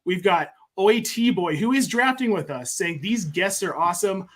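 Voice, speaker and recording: A man's voice: high-pitched, expressive, moderate pace. A man hosting a fantasy football podcast live stream, upbeat and friendly, reading out chat comments. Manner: friendly, reads chat shoutouts. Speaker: podcast host.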